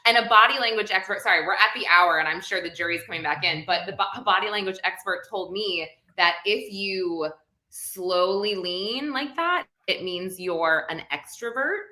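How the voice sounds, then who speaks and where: A woman's voice: mid-range voice, expressive, moderate pace, sharp tone. A woman hosting a live stream, talking in a chatty, rambling way with many fillers. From United States. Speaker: host. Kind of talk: casual live-stream chat. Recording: echoey room.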